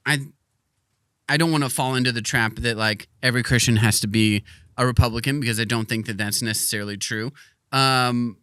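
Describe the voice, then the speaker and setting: A man's voice: mid-range voice, bright, forceful tone, clear, resonant tone, no room sound, clean studio sound. A man hosting a casual podcast chat, talking loosely with many restarts and frequent laughs. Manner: laughing, rambling, self-interrupting. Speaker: podcast host.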